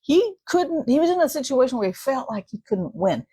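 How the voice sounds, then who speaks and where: A woman's voice: sits high, very animated, brisk, husky, no room sound. A middle-aged woman giving a casual devotional talk in a conversational way, often adding "right?" and acting out prayers in a quoted voice. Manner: warm conversational, with frequent "right?" asides and dramatic quoted prayers. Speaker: devotional speaker.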